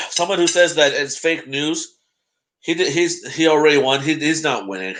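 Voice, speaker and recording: A man's voice: fairly high pitch, normal speed, a bit bright. A young man hosting a casual live stream, chatting to his viewers and greeting them by name. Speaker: live-stream host reacting to election coverage.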